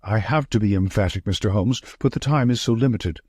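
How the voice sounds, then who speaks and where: A man's voice: lowish voice, a little fast, mellow, slightly rough, no room sound, studio quality. A man reading the part of a thin, nervous male estate manager in an audiobook, gasping out short sentences. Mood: agitated.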